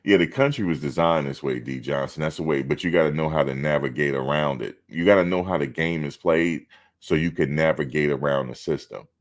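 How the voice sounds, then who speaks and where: A man's voice: a bass voice, brisk. A man hosting a live stream, talking casually and bluntly, outspoken and swearing freely.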